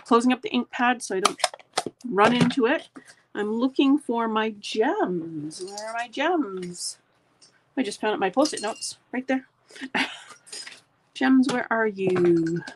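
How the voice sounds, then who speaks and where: A woman's voice: on the high side, animated, normal speed, background noise. A middle-aged woman, chatting casually with live viewers as she demonstrates a craft project step by step. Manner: chatty, talks to live viewers while working.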